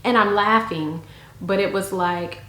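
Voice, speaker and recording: A woman's voice: medium pitch, measured pace. Chatty woman in an echoey room. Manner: chatty, animated, frank. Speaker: vlogger. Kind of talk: casual storytelling to camera.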